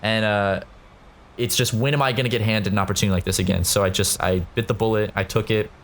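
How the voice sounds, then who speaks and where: Rambling, low-voiced young man. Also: steady tone, quick pace, slight background noise. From South Carolina. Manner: rambling, profane, lots of fillers. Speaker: podcast guest. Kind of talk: casual podcast chat.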